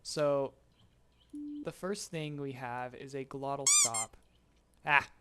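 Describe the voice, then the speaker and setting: A man's voice: mid-range voice, animated, slow pace, fairly bright tone, clear, resonant tone. Chatty man explaining on stream. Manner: chatty, laughs often, greets chat mid-explanation. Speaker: streamer teaching voicebank tuning. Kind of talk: casual live-stream tutorial.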